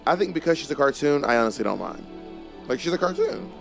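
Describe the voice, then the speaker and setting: A man with a gravelly, creaky voice chats casually as a co-host. He talks in an animated, emphatic way and often restarts his sentences. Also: on the high side, fast talker, faint music behind. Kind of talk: casual chat.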